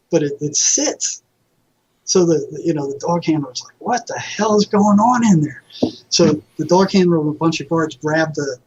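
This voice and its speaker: Man, husky voice, interview guest, animated storyteller, muffled lo-fi audio. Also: a little high. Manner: animated anecdotes, acting out quoted people. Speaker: guest, mental health counselor. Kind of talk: conversational storytelling. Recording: dull lo-fi audio.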